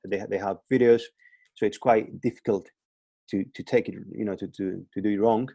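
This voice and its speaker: Low, mellow man on a remote call. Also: steady tone, brisk, vocal fry, breathy edge, dry recording, lo-fi sound. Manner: hesitant, many restarts and repeated words. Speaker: guest fitness coach. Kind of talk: casual podcast interview. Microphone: remote call, line breaking up.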